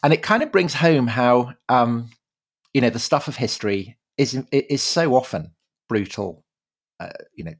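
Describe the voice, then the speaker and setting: A man co-hosting a podcast, chatting in an animated way with quick, jokey interjections. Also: medium pitch. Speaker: podcast co-host. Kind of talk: casual chat.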